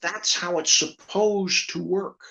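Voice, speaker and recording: A ventriloquist telling a comic story in a chat, a lively storyteller who repeats lines for effect. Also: male voice, high voice, slow pace, vocal fry. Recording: slightly dull lo-fi audio.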